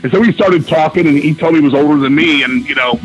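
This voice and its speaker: A man's voice: fairly high pitch, fast, muffled recording, soft background music. A man, a musician guest telling stories over a call, swearing a lot and acting out quoted dialogue. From Virginia, US. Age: 50s. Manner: profane, excitable, acts out quoted dialogue. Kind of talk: casual interview storytelling. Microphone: phone call-in.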